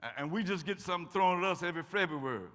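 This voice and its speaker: Bright-voiced older Kentucky man. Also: sits high, animated, fast. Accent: Eastern Kentucky. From Eastern Kentucky. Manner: folksy, joking, emphatic. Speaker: guest speaker. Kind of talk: lecture and audience Q&A. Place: college auditorium. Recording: echoey hall.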